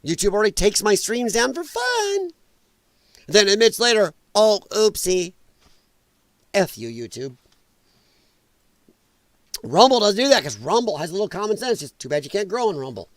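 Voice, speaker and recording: Male livestream host, fairly high voice, profane and blunt, greets chat casually, dry room. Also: big pitch swings, brisk, a bit bright, no room sound. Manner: chatty with viewers in chat. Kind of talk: live political commentary.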